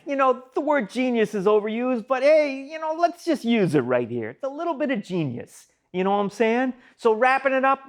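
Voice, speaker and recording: A man giving a casual, enthusiastic spoken album review, rambling with fillers and asides. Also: high-pitched. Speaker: music reviewer.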